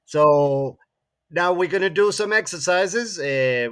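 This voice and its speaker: Slow male English teacher. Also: sits high, animated, clear, resonant tone. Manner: frequent tag questions "no?" and "eh?", repeats words. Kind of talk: classroom grammar lesson.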